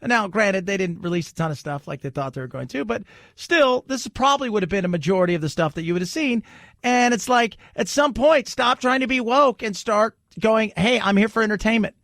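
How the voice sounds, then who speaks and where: A man's voice: high-pitched, lively intonation, a little fast, a bit bright, no room sound, clean studio sound. A man hosting a talk radio show, chatty and opinionated, joking as he goes.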